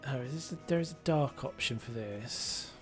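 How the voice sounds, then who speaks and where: A man's voice: mid-range voice, expressive, moderate pace, soft background music. A young man streaming a renovation game, casually thinking aloud and muttering to himself as he builds, with self-deprecating asides. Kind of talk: casual live-stream commentary.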